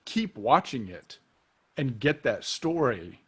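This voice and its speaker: A man's voice: medium pitch, big pitch swings, takes it slowly, husky. A man hosting a casual interview podcast, talking as an eager, enthusiastic fan who asks questions. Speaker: podcast host.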